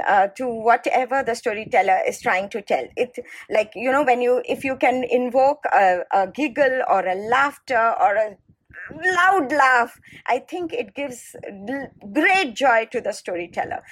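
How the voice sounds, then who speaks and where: A woman's voice: on the high side, animated, a little slow. A woman storyteller co-hosting a podcast, chatting casually and stumbling over her words now and then.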